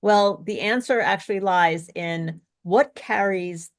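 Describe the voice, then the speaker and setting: Slow-talking woman speech coach. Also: medium pitch. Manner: encouraging, asks checking questions. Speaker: speech coach, co-host of webinar. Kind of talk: live online workshop presenting.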